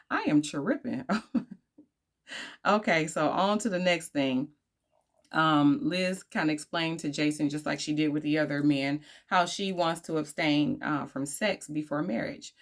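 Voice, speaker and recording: A woman's voice: deep voice, measured pace. A woman casually reviewing a dating show, sassy and slangy, breaking into laughing asides, tired from recording late at night.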